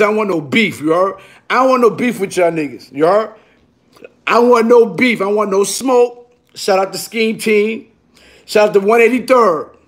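A middle-aged man with a New York accent and a notably high voice, spinning a loose story straight to the camera. His talk is streetwise and profane, and he keeps checking in with the listener as he goes. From Brooklyn, New York. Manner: streetwise, profane, keeps asking "you heard?". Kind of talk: casual storytelling monologue.

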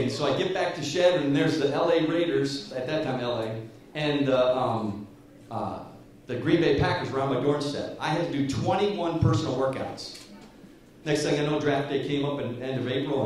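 A man in his fifties tells stories from the stage, lively and chuckling as he goes. His voice rings through a large, echoey hall, picked up from a distance. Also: medium pitch, slight background noise. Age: 50s. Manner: storytelling, animated, chuckling through anecdotes. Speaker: guest speaker. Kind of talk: motivational speech.

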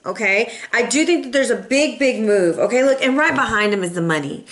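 A chatty woman reads tarot cards for her viewers in a sassy, familiar way, tossing in "boo" and "y'all". Her voice sits fairly high for a woman. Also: animated, a little fast, hardly any pauses, a bit bright. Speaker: tarot reader. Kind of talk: casual tarot reading.

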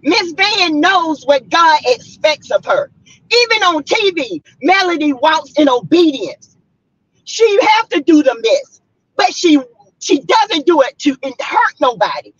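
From inside her car, a South Carolina vlogger preaches and rants at her viewers, fiery and blunt, her high voice swinging widely and very animated at a measured pace. The tone is fairly bright, while the sound is dull, lo-fi, dry and close.

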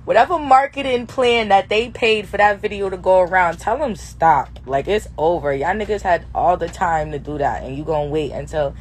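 A hoarse young woman in her twenties who has lost her voice, chatting brashly and profanely on a phone live stream from a tour bus bedroom, laughing often. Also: on the low side, normal speed, few pauses, a little hiss or hum. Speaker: livestream host. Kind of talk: casual live Q&A chat. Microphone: phone held for a social-media live stream.

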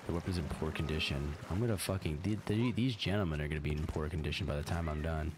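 A man doing casual let's-play commentary, excitable, swearing a lot, laughing often and talking to his character. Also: rumbling low, fast, noisy background. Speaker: gaming streamer. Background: game music.

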